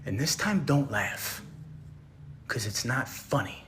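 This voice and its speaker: A comedy sketch creator delivers a mock-serious lecture with intense, deadpan delivery, sinking to whispers and then rising into loud outbursts. His voice is medium in pitch and his pace is measured, with background noise present.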